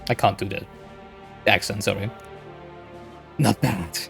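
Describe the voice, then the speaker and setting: A man's voice: on the low side, measured pace, vocal fry, fairly bright tone, faint music behind. A man giving casual, rambling gameplay commentary, thinking aloud with frequent hesitations. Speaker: gaming streamer.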